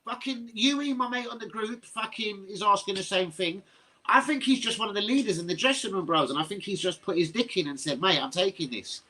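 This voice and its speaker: A man's voice: high-pitched, a little fast, pushed and bright. A man hosting a live fan reaction stream, stunned and swearing as he rambles to his viewers. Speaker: fan livestream host.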